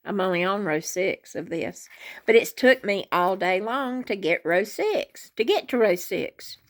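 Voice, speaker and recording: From her bed at home, a woman who vlogs about crochet chats with viewers through a handheld phone, folksy, rambling, and self-deprecating. Her medium-pitched voice has lively intonation and an unhurried pace.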